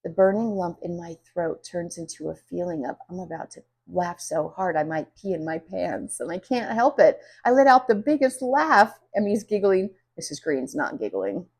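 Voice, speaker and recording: A woman reading a children's story aloud in an expressive, animated way. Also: lowish voice, normal speed, hardly any pauses, husky. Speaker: children's book reader. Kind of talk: storybook read-aloud narration.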